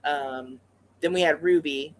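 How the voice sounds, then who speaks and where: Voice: medium pitch, a little slow, poor audio. Rambling, chatty pet vlogger telling a story. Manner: rambling, with many fillers and restarts; chatty and conversational. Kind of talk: casual storytelling to camera.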